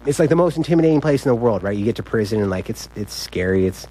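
A man's voice: lowish voice, expressive, fast, dark tone. A young man telling a story in a rambling, casual way, saying "like" constantly. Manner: rambling, heavy use of "like", laughs often. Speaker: incarcerated storyteller.

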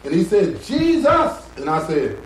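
A middle-aged man, a guitarist, telling a story slowly and drawling, acting out the voices of the people in it. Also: medium pitch, darkish tone, a little hiss or hum. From North Carolina. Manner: slow, drawling, acts out quoted voices. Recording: roomy echo, guitar behind.

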